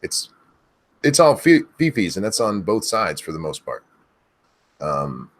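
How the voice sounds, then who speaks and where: A man's voice: on the low side, big pitch swings, measured pace, pauses often. A man from the United States, co-hosting a casual talk show, blunt and opinionated. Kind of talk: casual podcast chat.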